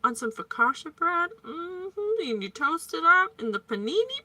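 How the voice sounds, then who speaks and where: A woman's voice: very high voice, sing-song, a little slow, few pauses, sharp tone. A woman giving a chatty psychic reading, playful and prone to tangents. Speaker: psychic reader. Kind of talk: casual psychic reading monologue.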